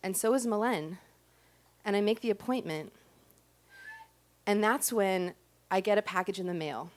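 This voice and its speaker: A woman with a mid-range voice talks at a normal pace, telling a personal story into a stage microphone. She's performing on the stage of a small club before a live audience, and her tone is chatty and self-deprecating, full of "ums" and "likes."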